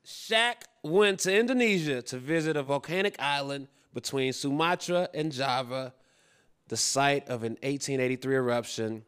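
A man's voice: medium pitch, expressive, a bit bright, clean tone. Laid-back man reading quiz clues. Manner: laid-back, quick to laugh. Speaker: guest clue-giver on a quiz show. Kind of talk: joking live game show banter.

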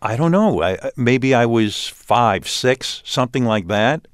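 A man's voice: mid-range voice, a little slow, no room sound, clean studio sound. A man in his sixties with a New York accent, a radio host telling stories as a guest in an interview, with many restarts. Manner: animated storytelling, many restarts. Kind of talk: casual interview talk.

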